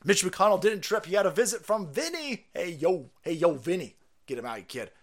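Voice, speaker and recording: A man's voice: high voice, sing-song, fairly quick. A man hosting a casual livestream, reading viewer messages and answering them with profanity, laughter and rambling asides. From South Carolina.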